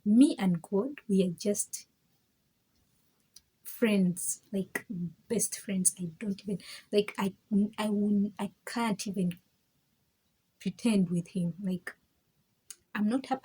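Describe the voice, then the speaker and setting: Very husky, mellow woman sharing testimony. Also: mid-range voice, steady tone, a little slow, pauses often, rough recording. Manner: emphatic and frank, with many repeats and restarts; laughs between points. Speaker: vlogger sharing her faith testimony. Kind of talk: candid personal testimony.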